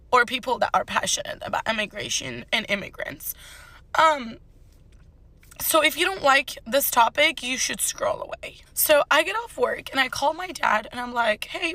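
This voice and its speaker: A woman's voice: sits high, bright, forceful tone. A woman in her twenties telling a personal story to the camera in a direct, conversational way. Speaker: storyteller on social video.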